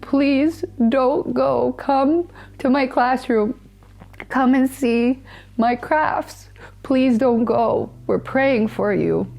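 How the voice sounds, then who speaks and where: A woman voicing a five-year-old boy who begs his mother not to leave, slow and pleading. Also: high-pitched, gravelly, darkish tone, voice pushed up, exaggerated voice.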